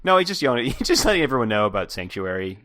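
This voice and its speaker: A man co-hosting a casual gaming podcast, with a bright, sharp-edged voice that swings widely in pitch. He talks in an animated way, laughs a lot, and pauses on fillers. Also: no room sound, clean studio sound. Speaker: podcast co-host. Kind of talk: casual chat about a game.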